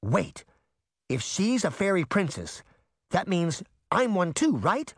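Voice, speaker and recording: Reader voicing a cheeky kid sister, chirpy, wisecracking, lively pitch, dry sound. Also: slow, no room sound, heavily acted. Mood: teasing. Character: cheeky teasing younger sister. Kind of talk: audiobook reading.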